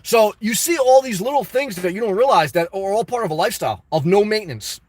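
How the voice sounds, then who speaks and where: A man live-streaming a casual vlog, reading comments aloud and answering them in an animated, repetitive, exclamatory way. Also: high-pitched, quick pace, no room sound. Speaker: YouTube vlogger answering live chat.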